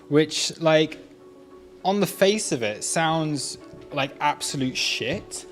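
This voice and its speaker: With faint music in the background, a livestream trading host talks slowly in a slightly high, animated voice. He's casual and chatty, often laughing at his own remarks.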